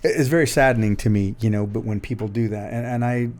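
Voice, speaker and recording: A man's voice: lowish voice, steady tone, fast talker, a little mellow. A man hosting an interview podcast, rambling and restarting his sentences as he chats. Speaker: podcast host. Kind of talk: casual interview chat.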